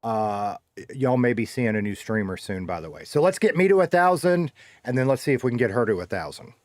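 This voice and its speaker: A man's voice: mid-range voice, expressive, a little fast, darkish tone, no echo. Male streamer, loose and chatty, curses freely, dry close mic. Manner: chatty, swears freely, laughs often. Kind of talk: casual live-stream chat.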